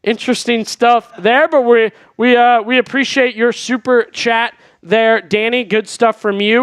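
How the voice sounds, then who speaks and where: A man's voice: very high-pitched, steady tone, measured pace, hardly any pauses, a bit bright, clear, resonant tone, no echo, clean studio sound. A man hosting a live sports stream in casual chat, reading viewer messages and chatting about the team. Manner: chatty, reads viewer super chats aloud. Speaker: sports show host.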